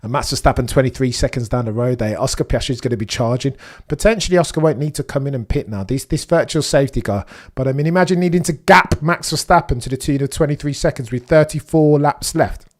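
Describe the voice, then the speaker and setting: A young man hosting a live race watchalong, chatting excitedly to his viewers and reacting with slang. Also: medium pitch, fast. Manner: excitable, chatty, British slang, talks to chat. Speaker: livestream host.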